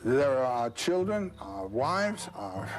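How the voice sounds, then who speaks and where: Gruff proud buffalo husband bossing people around, man telling the tale, mostly his own voice. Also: medium pitch, very animated, takes it slowly, over music. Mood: reproachful.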